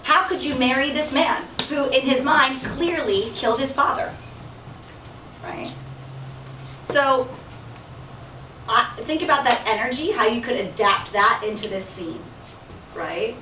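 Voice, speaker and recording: A woman teaching a drama class, giving lively feedback and checking in with "right?" often. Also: high-pitched, a little slow, pauses often. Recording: echoey room, distant mic, faint hiss.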